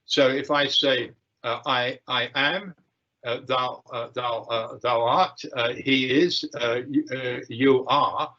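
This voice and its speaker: An older man giving a lecture and answering questions, with frequent fillers, pauses and restarts. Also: medium pitch, fairly bright tone. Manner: hesitant, many fillers and restarts. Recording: dull lo-fi livestream audio.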